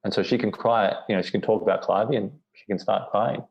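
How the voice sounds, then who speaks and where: This podcast guest talks fast in a fairly even, low voice with vocal fry, recounting a personal story in an interview. It's rambling and reflective, thick with "you know" and restarts, on dull lo-fi audio.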